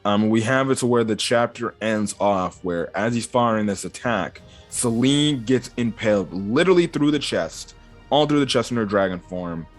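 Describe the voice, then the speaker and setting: A man retelling a comic chapter in casual video commentary, rambling with lots of fillers and quick voiced quotes. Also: on the low side, lively intonation, faint music behind. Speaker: manga reviewer.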